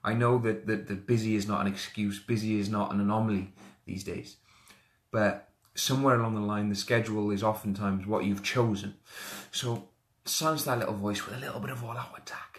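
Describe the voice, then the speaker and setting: A man's voice: on the low side, steady tone, fairly quick. A man, talking energetically in a live video as a motivational coach and greeting viewers by name. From Wales. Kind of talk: live social media video.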